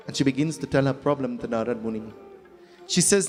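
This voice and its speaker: A man's voice: fairly high pitch, expressive, brisk, darkish tone. A man with a Trinidadian accent, a pundit giving a folksy, humorous devotional sermon full of repeated phrases. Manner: folksy, humorous, repetitive storytelling. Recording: echoey hall with faint music.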